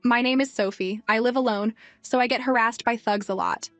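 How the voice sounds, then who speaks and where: A woman's voice: a little high, fairly quick, no echo, natural voice. A woman voicing a coy, scheming seductress. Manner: coy, pleading. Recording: dry, music faint behind.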